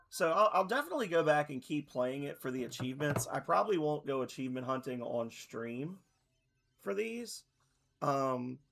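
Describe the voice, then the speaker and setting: A man in his thirties chatting casually on a stream, rambling and correcting himself, his voice a little hoarse. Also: a little high, a bit bright. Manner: rambling, loose, self-correcting. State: slightly hoarse.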